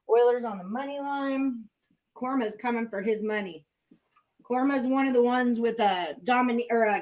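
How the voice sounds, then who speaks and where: High-voiced woman reading viewers' betting picks. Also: darkish tone. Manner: rattles off viewer picks and lines, chatty. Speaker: sports betting show host. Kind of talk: live-stream sports picks chat.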